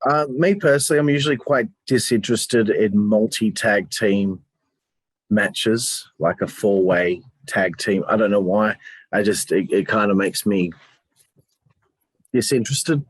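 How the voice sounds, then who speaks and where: Low-voiced man rambling in a dry room. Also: unhurried, slightly rough, no room sound. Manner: rambling, hesitant, swears casually. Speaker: podcast co-host. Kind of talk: casual review chat.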